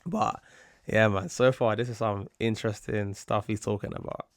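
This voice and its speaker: A man hosting a reaction video, talking casually in a relaxed, hesitant way and trailing off with fillers. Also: on the low side, normal speed, no echo, clean studio sound.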